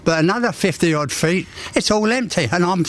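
A man's voice: sits high, expressive, fairly quick, a bit bright. A man in his eighties, out of breath, bluntly complaining in a rambling way during a news interview. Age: 80s. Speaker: local resident interviewed.

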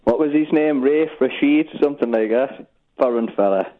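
A man's voice: medium pitch, moderate pace. A man with a Geordie accent calling in to a radio show, chatty and pushy, talking over the host. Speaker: caller. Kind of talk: phone-in chat. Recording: tinny phone line.

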